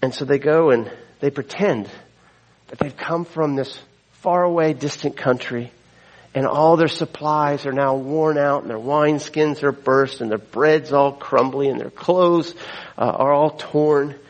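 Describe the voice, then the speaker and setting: A man's voice: fairly high pitch, fairly even intonation, unhurried, poor audio. A man preaching a sermon as a pastor, retelling the story in a conversational way with asides to the congregation.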